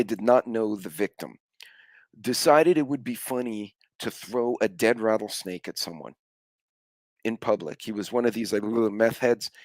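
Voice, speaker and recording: A man's voice: on the low side, no room sound. Middle-aged man, rambling chat. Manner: rambling storyteller, swears offhandedly. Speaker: live stream host. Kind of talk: casual chat.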